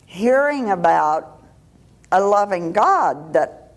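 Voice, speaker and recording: An older woman giving a personal testimony at church, telling her story in a halting, unhurried way with restarts and soft laughs. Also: mid-range voice, sing-song.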